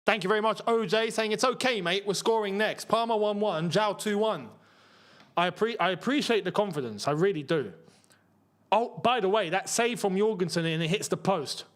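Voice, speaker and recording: A young man hosting a live football watchalong, reacting with frustration and bursts of excitement. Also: sits high, moderate pace. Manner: frustrated, animated, swings between muttering and shouting. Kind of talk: live match watchalong commentary.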